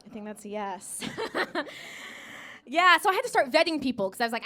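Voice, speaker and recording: American woman doing stand-up, high bright voice, sassy and quick with the okays. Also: animated. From United States. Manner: sassy, rapid asides with frequent okays; puts on gushing high voices for quoted people. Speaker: stand-up comedian. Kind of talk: stand-up comedy set. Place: comedy club stage with a live audience.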